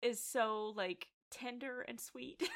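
A woman co-hosting a podcast, casually recapping a TV episode with animated retelling and frequent laughter. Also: fairly high pitch, very slow. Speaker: podcast co-host.

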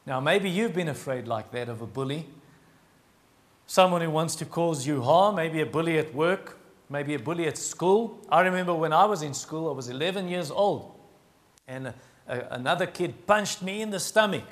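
High-voiced pastor preaching. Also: male voice, lively intonation. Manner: earnest and emphatic, slows down on key phrases. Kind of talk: sermon.

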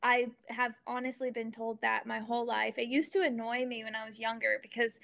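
A chatty young woman from Oregon talks easily as a podcast guest, her voice sitting a touch high and catching often on a gravelly fry. She keeps it upbeat and laughs through her stories. The tone stays relaxed and conversational. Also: fairly quick. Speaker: guest, golfer and social media influencer. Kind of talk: casual interview chat.

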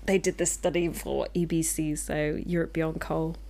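A woman's voice: deep voice, steady tone, normal speed, creaky, warm tone, a little hiss or hum. A woman co-hosting a casual podcast chat, blunt and swearing as she explains policy with conviction. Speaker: podcast co-host.

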